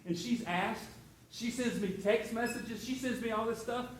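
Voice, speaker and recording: A man in middle age delivers a sermon as a pastor, drifting from story to story with casual asides and frequent restarts. His voice sits fairly high for a man, and it rings out through a reverberant church space. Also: normal speed, slight background noise. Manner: storytelling, conversational with many restarts.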